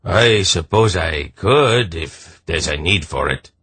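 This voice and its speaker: A man's voice: low-pitched, animated, takes it slowly, fairly bright tone, slightly rough, no echo, full character voice. A man voicing a rangy, easygoing merchant who talks in an offhand, chatty way. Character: rangy, easygoing male merchant, shrewd and talkative.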